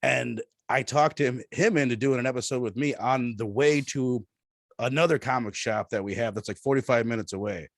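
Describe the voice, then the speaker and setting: A man's voice: mid-range voice, normal speed, dry recording, clean studio sound. A man chatting casually as a podcast guest, rambling and often restarting his sentences.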